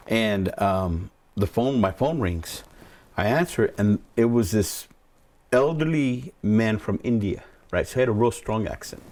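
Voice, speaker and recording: Low-voiced pastor telling a story. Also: male voice, animated, moderate pace, darkish tone. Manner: rambling, repeats words, acts out quoted voices. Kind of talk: personal storytelling in an interview.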